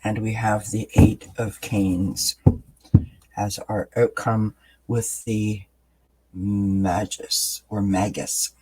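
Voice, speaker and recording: A man lays out and explains tarot cards in an unhurried, reflective way. His voice sits low and a little husky. He talks slowly, pausing often as he thinks. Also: low-quality recording. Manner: calm, explanatory, with pauses and fillers. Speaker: tarot reader. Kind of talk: tarot card reading.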